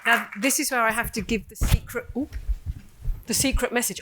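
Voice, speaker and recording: A woman's voice: fairly high pitch, fairly even intonation, normal speed, crowd noise, background noise. A woman from Australia giving a playful, jokey conference talk on stage and chatting with the audience. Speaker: conference speaker. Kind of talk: lively keynote talk.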